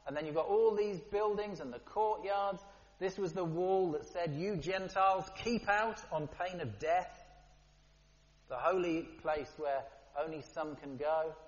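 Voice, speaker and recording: A man preaching a sermon in a lively, conversational way, with playful asides. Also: high-pitched, unhurried. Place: church hall. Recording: dull, long-reverb church hall.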